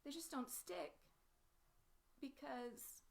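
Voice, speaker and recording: A serene, self-assured wooden girl from a storybook, speaking in a high, even voice, as a woman reads her lines. She is unbothered and matter-of-fact. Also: extremely slow, creaky, exaggerated voice. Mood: calm.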